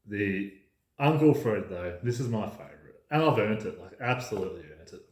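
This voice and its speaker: Man, podcast host, casual monologue, emphatic, swearing, lowish voice, echoey room. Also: a little fast. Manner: emphatic, ranting, swears freely. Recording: roomy echo.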